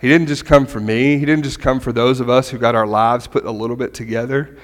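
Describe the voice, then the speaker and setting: A middle-aged man giving a conversational sermon as a pastor, animated and often checking in with "right?". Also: mid-range voice, a little fast. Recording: long hall reverb.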